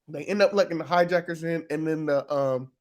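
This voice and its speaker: A man casually recapping a TV episode for his channel, loose and profane, with lots of fillers. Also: a little high. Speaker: reaction video host.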